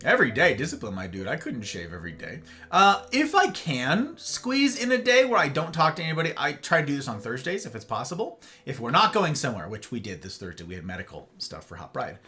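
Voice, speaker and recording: A man's voice: mid-range voice, brisk, faint music behind. A man streaming live, chatting casually and rambling straight to his viewers. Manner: animated, rambling, talks straight to chat.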